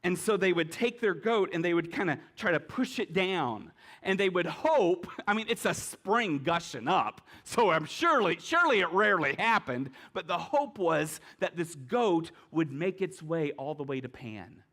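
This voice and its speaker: Speaking at a measured pace, this middle-aged pastor has a fairly high, animated voice. He preaches to his congregation in a chatty style, asking rhetorical questions and tossing in light humor.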